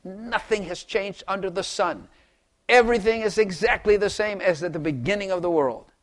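A man's voice: high voice, normal speed, fairly bright tone. An older man preaching a rambling, folksy sermon to his congregation, chuckling and repeating words as he goes. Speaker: pastor.

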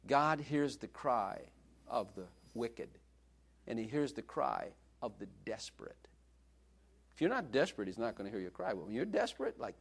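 A man's voice: medium pitch, big pitch swings, normal speed, creaky, husky. A male preacher giving a sermon in a joking, conversational way, laughing often.

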